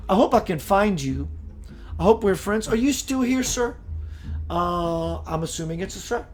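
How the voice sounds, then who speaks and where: A man hosting a live-streamed spiritual talk, greeting viewers, reading their comments and shifting into slow, preachy passages. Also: high voice, animated, faint music behind. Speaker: spiritual livestream host.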